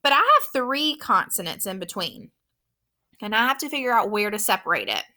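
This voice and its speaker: A woman teacher giving a slow, clear, encouraging phonics lesson to children. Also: mid-range voice, very animated, sharp tone.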